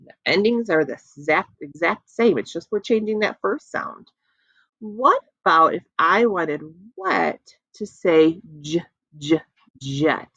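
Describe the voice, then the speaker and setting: A woman teaching young children an early reading lesson, slowly sounding out letters with playful asides. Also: low-pitched, fairly bright tone, slightly rough, no echo, muffled recording.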